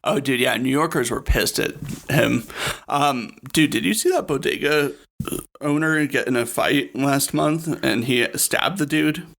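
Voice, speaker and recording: Relaxed young man hosting a chat. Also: medium pitch, a little slow, vocal fry. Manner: storytelling, relaxed, laughs often. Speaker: podcast host. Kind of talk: casual comedic chat.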